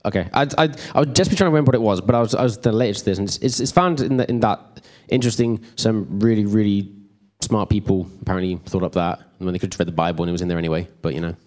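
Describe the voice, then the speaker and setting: Talking very fast in a low, darkish voice, a man teaches a church group as their preacher, loose and conversational. He keeps drifting into side stories and checking in with those listening.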